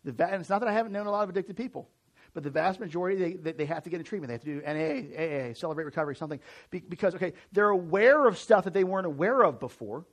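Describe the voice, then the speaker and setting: A high-voiced pastor from the United States, in his forties, addresses his church with a sermon. He keeps it lively and conversational, often breaking off to begin a sentence again.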